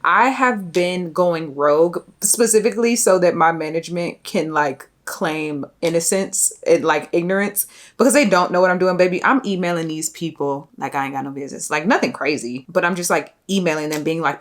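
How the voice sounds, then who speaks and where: A young woman with a low-pitched voice chats straight to her viewers in a casual vlog. She vents in an animated, exasperated way, tossing in slangy asides. Her tone stays loose and conversational. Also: fairly quick. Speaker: beauty vlogger. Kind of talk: casual vlog rant to camera.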